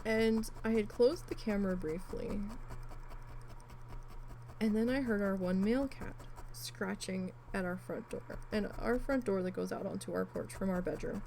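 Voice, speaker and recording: A woman with a gravelly, creaky voice at a middle pitch tells a long story in a loose, chatty way. She rambles with asides and swears now and then. A faint background noise sits under her. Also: poor audio. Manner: rambling, chatty, animated retelling with frequent asides and mild swearing. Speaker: crafting vlogger. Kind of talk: casual storytelling while needle felting.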